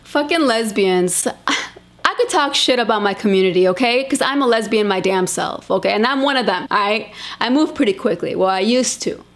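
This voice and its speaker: A woman's voice: mid-range voice, lively intonation, normal speed. A woman in her late thirties giving blunt, chatty reaction commentary and talking straight to her viewers. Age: 30s.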